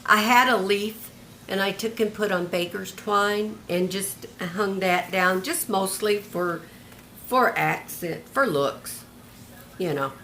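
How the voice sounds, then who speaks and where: A woman's voice: mid-range voice, slow, bright, forceful tone, a little hiss or hum. An older retired woman showing off a handmade journal in a homey, chatty show-and-tell, describing each piece one by one. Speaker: craft vlogger.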